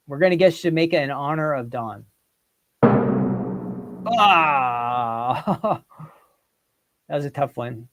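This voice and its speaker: A man hosting a casual livestream quiz, reading out viewers' guesses and teasing them playfully. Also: on the high side. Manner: playful, reads out viewer comments and teases them. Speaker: livestream host.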